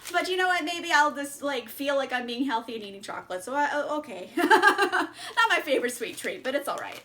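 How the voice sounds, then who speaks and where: A bubbly woman chats her way through a book haul, giggling often and filling pauses with "like" and "um". Her voice sits high and sounds bright and sharp, and the talk stays casual and upbeat. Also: expressive. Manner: bubbly, giggly, chatty with many fillers. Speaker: book vlogger.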